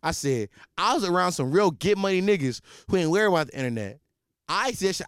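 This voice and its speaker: A man hosting a podcast, telling a comic story in a profane, rambling, animated way. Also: high voice, fairly quick, clean tone, dry recording, studio quality. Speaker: podcast host. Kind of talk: comedic storytelling.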